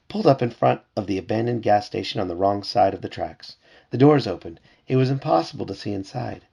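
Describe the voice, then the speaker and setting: At home, a father reads a children's storybook aloud in a gravelly, slightly husky voice pitched fairly low. He reads with lively expression and slips into character voices, and the recording sounds muffled.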